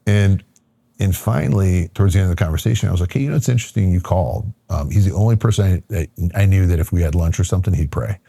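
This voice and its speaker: Middle-aged male guest, very low pitch, gravelly husky voice, animated storyteller, dry close sound. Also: quick pace, no room sound. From Michigan, USA. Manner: animated storyteller acting out quotes, lots of fillers. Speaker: podcast guest. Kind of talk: casual storytelling conversation.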